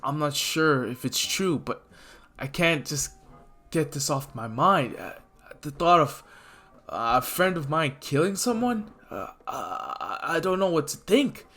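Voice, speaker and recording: A man's voice: fairly high pitch, big pitch swings, measured pace, sharp tone, full character voice. A man voicing an earnest teenage boy class president, serious and stiff. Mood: troubled.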